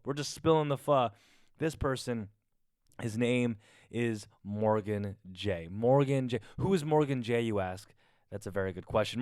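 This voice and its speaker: Hyped man hosting a podcast, smooth voice. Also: medium pitch, no echo, clean studio sound. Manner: energetic, playful and hyped. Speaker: podcast host. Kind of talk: solo podcast intro. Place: home garage. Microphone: studio microphone through a mixer.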